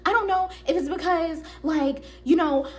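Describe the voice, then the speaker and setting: A woman's voice: very high voice, normal speed, a little mellow, pitched above the performer's own voice. A woman voicing an entitled female customer who complains insistently that she has been wronged. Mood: indignant.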